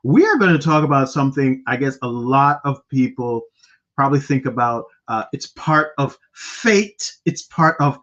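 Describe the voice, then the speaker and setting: A man's voice: medium pitch, big pitch swings, takes it slowly, fairly bright tone, lo-fi sound. A man hosting a podcast in a playful, rambling chat, often repeating himself. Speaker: podcast host. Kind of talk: casual chat.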